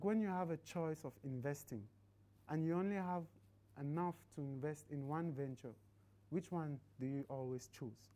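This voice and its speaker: A woman's voice: sits low, warm tone, low-quality recording. A woman preaching a sermon in a conversational way. She asks the congregation questions and ends with a prayer.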